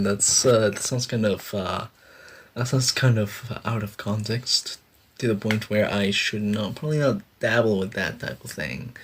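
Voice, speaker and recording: A man's voice: on the low side, a little hiss or hum. A young man streaming, chatting casually and rambling with lots of fillers as he laughs at himself. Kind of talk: casual live-stream chat. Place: sitting on a bed indoors.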